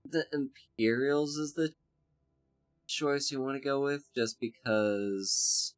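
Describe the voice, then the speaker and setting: A man streaming a game with hoarse, congested voice from a cold, chatting in a relaxed, rambling way. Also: mid-range voice, slow, faint music behind. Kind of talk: casual game commentary.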